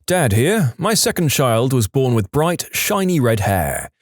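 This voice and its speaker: A man narrating short funny stories in a lively storytelling manner, now and then dropping into quick comic voices for quotes. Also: medium pitch, no echo, clean studio sound. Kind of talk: scripted narration.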